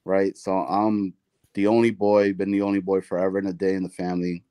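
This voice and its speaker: Male co-host, low-ish voice, teasing and loose; dry close sound. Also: flat delivery, fairly quick, dark tone, clean tone, no room sound. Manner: joking, teasing questions, slangy. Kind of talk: casual chat.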